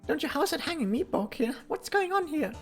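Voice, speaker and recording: A small, indignant kid from a fan-made game, jumping way up into a shrill, squeaky register and yelling in outrage. every line comes out loud and scandalized. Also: sing-song, brisk, soft background music. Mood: outraged.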